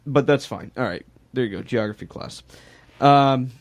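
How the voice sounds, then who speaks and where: A man's voice: mid-range voice, normal speed. A young man co-hosting a radio show, bantering casually and teasing his co-hosts. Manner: teasing, animated, jokey.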